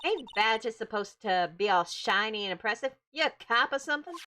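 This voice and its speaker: A woman voicing a loud, brash country woman in a put-on American Southern drawl, scolding and drawling, with music underneath. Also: fairly high pitch, lively intonation, brisk, slight background noise. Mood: defiant.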